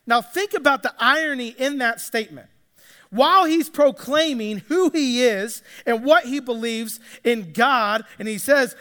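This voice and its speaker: Male pastor, very high voice, casual storytelling sermon, long hall reverb. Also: expressive, measured pace, sharp tone. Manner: casual storytelling, acts out characters' lines.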